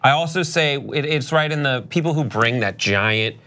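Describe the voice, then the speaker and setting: A man's voice: mid-range voice, lively intonation, normal speed, bright, forceful tone. A man co-hosting a sports show in casual banter, rambling and restarting his thoughts.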